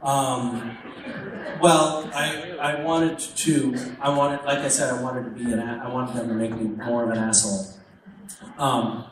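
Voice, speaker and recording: A man's voice: medium pitch, little pitch movement, measured pace, recorded from a distance, crowd noise. A man taking fan questions at a convention panel, joking wryly and laughing often at himself. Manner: wry, self-mocking, laughs often. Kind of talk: joking, casual Q&A on stage. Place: large convention hall. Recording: echoey hall picked up from afar, background noise.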